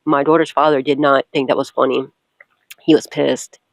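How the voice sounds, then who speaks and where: Young woman tarot reader, casual and loud, quick to laugh, salty language, recorded dry and close. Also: a bass voice, little pitch movement, creaky, dry recording, low-quality recording. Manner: loud, laughs often, swears freely. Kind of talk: casual storytelling and tarot reading.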